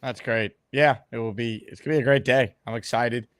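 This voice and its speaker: A man's voice: mid-range voice, steady tone, a little fast, dry recording. A male guest in a casual chat, easygoing and dry-humored.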